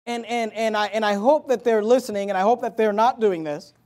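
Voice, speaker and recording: Male pastor, very high voice, emphatic sermon delivery with stammered restarts. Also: fairly quick, darkish tone. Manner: emphatic preaching with repetitions and asides.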